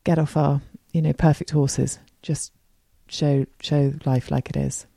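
A woman's voice: deep voice, flat delivery, measured pace, creaky, warm tone, no room sound, studio quality. A woman in her forties co-hosting a podcast, friendly and matter-of-fact, with affectionate slang in casual chat. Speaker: podcast co-host, interiors expert.

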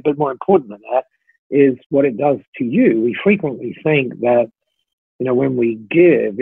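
A man's voice: mid-range voice, vocal fry, slightly rough, dry recording. A middle-aged man telling a story as a podcast guest, chatty and full of fillers and restarts. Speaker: podcast guest, company founder. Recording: tinny phone-like line, dry.

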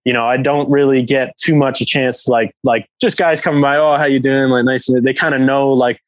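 A man's voice: mid-range voice, steady tone, fairly quick, no room sound, poor audio. A man from England, a professional hockey player guesting on a podcast, telling a story in a rambling way full of fillers. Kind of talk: casual storytelling.

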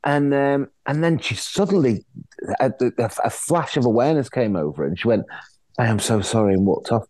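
Middle-aged man, animated storyteller, mid-pitched voice, dry close sound. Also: moderate pace, dry recording. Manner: animated storyteller, acts out quoted voices, frequent restarts. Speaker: actor guest. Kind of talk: casual anecdotal chat.

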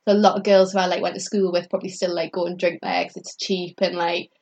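A woman's voice: on the low side, fast, muffled recording. Chatty young woman telling stories. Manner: chatty and animated, full of "like" fillers, acts out quoted people; laughs often mid-story. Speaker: comedian guest telling stories. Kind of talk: casual chat, storytelling.

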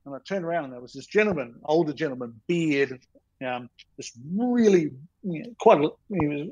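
A man's voice: medium pitch, husky, dry recording, low-quality recording. A man, a guest on a podcast, telling a long rambling anecdote in a self-deprecating way. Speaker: podcast guest, storyboard artist.

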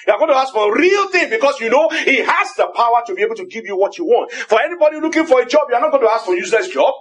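A man with a Nigerian accent preaching a sermon, firing repeated rhetorical questions and rising to emphatic shouts on key phrases. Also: very high voice, animated, rapid-fire.

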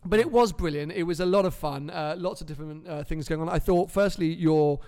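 A man's voice: a little high, dark tone. A young man hosting a live podcast in a chatty, joking manner. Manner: chatty, jokey, quick asides. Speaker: podcast host. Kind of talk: casual live podcast chat.

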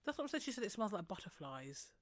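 A woman's voice: medium pitch, very animated, fast talker, dry recording, clean studio sound. A young woman, chatting casually and teasing with a laugh. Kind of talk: casual chat.

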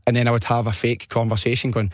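A man's voice: medium pitch, fast talker, no room sound. A man with a Scottish accent, hosting a podcast and telling a prank story in a studio, laughing and doing voices as he goes. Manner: animated, laughs often, acts out voices in stories. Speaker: podcast host. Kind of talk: casual storytelling chat. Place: radio studio. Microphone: studio mic.

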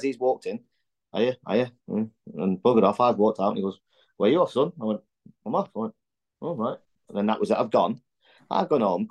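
A man's voice: mid-range voice, darkish tone. A middle-aged man, a former footballer, guesting on a podcast and telling candid, blunt stories full of swearing and restarts. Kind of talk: casual chat.

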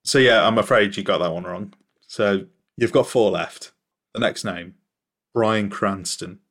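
Low-voiced man, teasing quizmaster. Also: a little slow, a bit bright. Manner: teasing quizmaster, dry and playful. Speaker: podcast guest running a quiz. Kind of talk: casual podcast chat.

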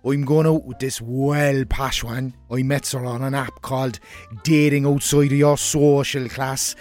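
A man's voice: medium pitch, level tone, a little slow, a little mellow, soft background music, close to an everyday voice. A man with a Cork accent playing a brash young northside letter-writer, telling his story broadly and cheekily. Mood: cheeky. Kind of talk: comic radio letter reading.

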